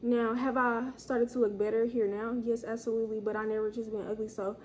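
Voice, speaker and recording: Animated young woman telling a story. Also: a little fast, slight background noise. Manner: animated, slangy, acts out quotes in higher voice. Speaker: storytime vlogger. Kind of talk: casual storytelling.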